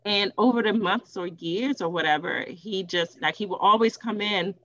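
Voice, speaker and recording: A woman in her thirties telling lively stories in a relaxed podcast chat. She slips into the voices of the people she quotes. The recording sounds dry and a bit muffled. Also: medium pitch, moderate pace, no echo. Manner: animated, acts out quoted voices. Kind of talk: casual storytelling chat.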